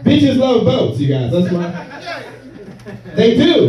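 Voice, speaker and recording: A man's voice: very high-pitched, big pitch swings, slow, warm tone. Laughing stand-up man in an echoey room. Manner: loose, laughing, slips into mock voices. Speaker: stand-up comedian. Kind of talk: stand-up set with crowd work. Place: small comedy venue with audience. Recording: far-off echoey room, dull lo-fi sound.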